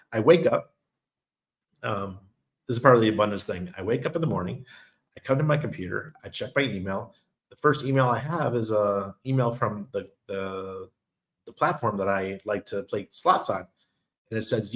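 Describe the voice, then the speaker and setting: A crypto channel host with a New York accent delivers a casual monologue to his viewers, telling stories and laughing often. His voice is fairly low in pitch with a fairly bright tone.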